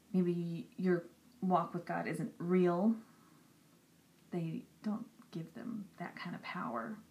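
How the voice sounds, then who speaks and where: A young woman talking earnestly and directly to camera in a personal vlog. She repeats herself for emphasis and sometimes drops into soft, whispery asides. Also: fairly low pitch. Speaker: Christian vlogger. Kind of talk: personal encouraging talk to camera.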